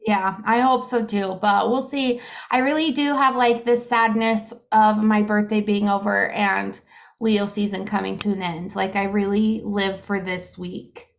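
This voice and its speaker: A woman's voice: mid-range voice, fairly even intonation, unhurried, gravelly. A woman in her thirties co-hosting a podcast, chatting casually with lots of fillers and giggles. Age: 30s. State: hiccups. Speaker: podcast co-host. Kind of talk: casual chat. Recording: muffled lo-fi podcast audio.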